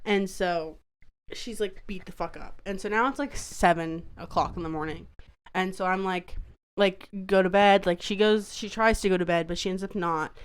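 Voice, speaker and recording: A woman's voice: mid-range voice, fairly even intonation, normal speed, clear, resonant tone. A woman podcast co-host telling a story in casual, rambling chat, swearing freely and saying "like" often. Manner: rambling, profane, full of "like".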